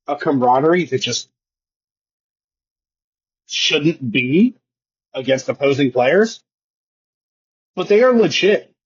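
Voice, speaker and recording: A man co-hosting a podcast, talking baseball in quick, jokey, profane banter. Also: on the high side, breathy edge. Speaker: podcast co-host. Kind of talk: casual sports chat. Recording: dull lo-fi sound.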